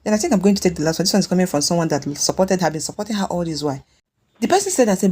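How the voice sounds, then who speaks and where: Nigerian woman with a husky low voice. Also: very animated, rapid-fire, darkish tone. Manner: chatty, scolding, mixes Pidgin with English. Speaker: celebrity gossip vlogger. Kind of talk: casual gossip commentary.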